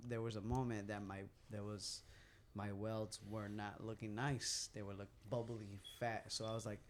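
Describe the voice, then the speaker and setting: A man in his twenties, co-hosting a podcast in a small room, tells stories with lots of swearing and animated bursts. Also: lowish voice, normal speed, a little hiss or hum. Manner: animated storyteller, heavy swearing. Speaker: podcast co-host. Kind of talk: casual chat. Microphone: podcast mic at a table.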